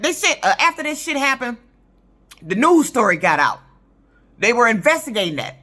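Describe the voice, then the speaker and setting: Fifties woman venting on her vlog, cussing, voice bright and a bit high, swings up and down a lot. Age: 50s. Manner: indignant, profane, emphatic. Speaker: truck driver vlogger. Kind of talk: ranting storytelling vlog.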